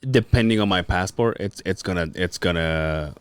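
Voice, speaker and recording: A man's voice: low-pitched, normal speed, smooth, dry recording. A man from Mexico, a podcast co-host, chatting casually and rambling with lots of fillers and restarts. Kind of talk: casual chat.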